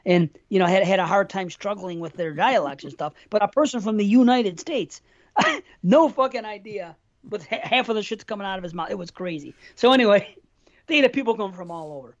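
A man's voice: sits high, expressive, fairly quick. A middle-aged man from New York State co-hosting a podcast, telling long, profanity-filled stories in casual chat. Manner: rambling, profane storytelling. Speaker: podcast co-host. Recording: dull lo-fi podcast audio.

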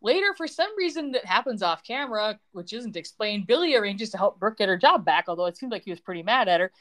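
Woman podcaster recapping a soap, snarky, laughs a lot, mid pitch. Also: sing-song, fast, a bit bright. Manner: sarcastic, quips and laughs while retelling scenes. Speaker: podcast host recapping a TV episode. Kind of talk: casual chat.

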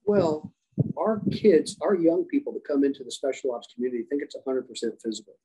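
A man who is a leadership coach and former special operations rescuer, giving animated storytelling answers in a podcast interview and acting out dialogue. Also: on the high side, fairly quick, vocal fry, noisy background. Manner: animated, acts out quoted dialogue. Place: podcast conversation.

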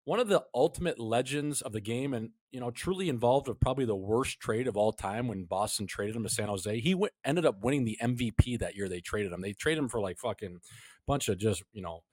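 A man's voice: medium pitch, animated, brisk, a little mellow, no room sound. A man hosting a hockey podcast, joking and swearing in casual chat. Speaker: podcast host.

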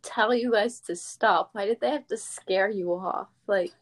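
Woman guest chatting casually, mid-pitched. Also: unhurried. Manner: frequent brief back-channel replies, teasing. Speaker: podcast guest. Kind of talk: casual chat.

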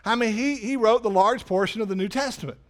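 High-voiced preacher man, animated delivery. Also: fast talker. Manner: animated preaching, rises loud for emphasis then drops low. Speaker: pastor. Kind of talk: sermon. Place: church sanctuary.

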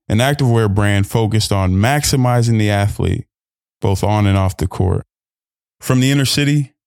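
A male podcast host with a lowish voice rambles through his intro in a loose, joking way, catching and correcting his own words as he goes. The sound is close and dry, recorded in a hotel room. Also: darkish tone, dry recording. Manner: playful, rambling and self-correcting.

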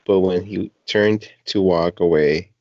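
A man's voice: sits low, takes it slowly, darkish tone, no echo, lo-fi sound. A young man co-hosting a casual podcast, teasing and incredulous as he talks with friends. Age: young adult. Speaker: podcast co-host.

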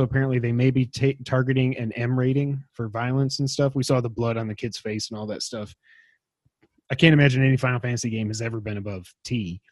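A man's voice: medium pitch, a little mellow, no echo. A man hosting a casual gaming news podcast, rambling and enthusiastic, poking fun at himself. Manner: enthusiastic, rambling, self-deprecating. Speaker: podcast host.

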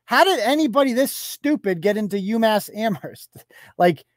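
A man's voice: high-pitched, animated, moderate pace, dry recording. A man hosting a live online show, reading posts off his screen and firing back with sarcastic, profane mockery. He chuckles through his jabs. The sound is dry and close, with no room around it. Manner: reads posts aloud off screen and talks back to them.

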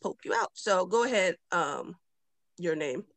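A relaxed woman hosts a casual club meeting over a video call. She is chatty and quick to laugh. Her voice sounds dry and close, with no room around it. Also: fairly low pitch, dry recording. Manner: laughing easily, laid-back and chatty. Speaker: host of a virtual discussion club.

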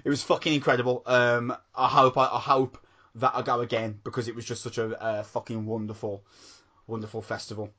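A man co-hosting a podcast, chatting excitedly and swearing constantly. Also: medium pitch, brisk. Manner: excitable, swears a lot, calls people mate. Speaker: podcast co-host. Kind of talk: casual chat.

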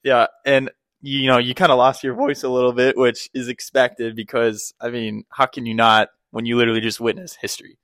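An excited man co-hosting a casual sports podcast, rambling with plenty of fillers. His voice sits at an ordinary pitch. The sound is dry and close, with no room echo. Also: brisk. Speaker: podcast co-host.

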